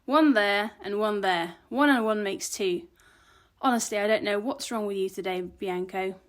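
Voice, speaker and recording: A woman's voice: mid-range voice, normal speed, close to an everyday voice. A woman voicing a pompous middle-aged male police detective with a thick Austrian accent, talking down to everyone. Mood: impatient.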